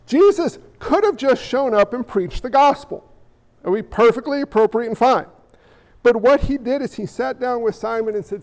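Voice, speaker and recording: High-voiced male pastor preaching. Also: moderate pace. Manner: animated, acts out quoted voices. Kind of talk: sermon. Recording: echoey hall, dull lo-fi sound.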